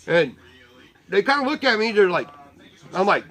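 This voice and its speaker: Man, high voice, casual storytelling, rambling, blunt, lots of swearing. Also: very animated, moderate pace, bright, forceful tone, rough recording. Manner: blunt, heavily profane; rambling with restarts. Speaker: volunteer motorcycle parade marshal.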